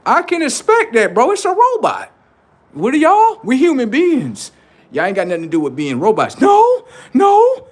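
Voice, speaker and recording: A young man ranting in a loud comedic streetwise voice, swearing and swinging between high outbursts and low mutters. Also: huge pitch swings, moderate pace. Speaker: comedic streamer. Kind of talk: comedic rant with character bits.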